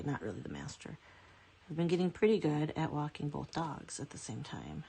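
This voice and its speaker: Low-voiced chatty woman vlogger. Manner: chatty, rambling, self-correcting. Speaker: nail art vlogger. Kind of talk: casual chat.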